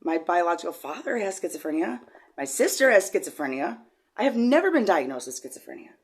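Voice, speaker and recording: Halting, rambling woman with a low voice. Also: sing-song. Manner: rambling, halting, with many repeated words; shifts from low and quiet to loud and high when agitated. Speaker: vlogger. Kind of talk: emotional personal testimony.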